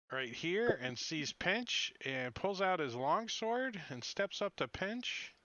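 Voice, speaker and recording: A man narrating as game master of a tabletop game, lively and chuckling often. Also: fairly high pitch, clean tone, no echo. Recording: slightly muffled online audio.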